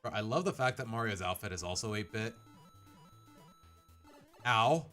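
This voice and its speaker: A man's voice: fairly low pitch, animated, moderate pace, sharp tone. A man giving let's play commentary. He rambles, thinks aloud and pokes fun at himself. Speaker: gaming streamer. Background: faint game music.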